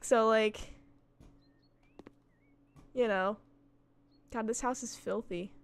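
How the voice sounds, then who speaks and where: A woman's voice: fairly high pitch, slow pace, creaky, smooth. A young woman streaming from home into a desk mic, chatting casually while she plays, telling stories and swearing freely. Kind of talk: casual chat while gaming.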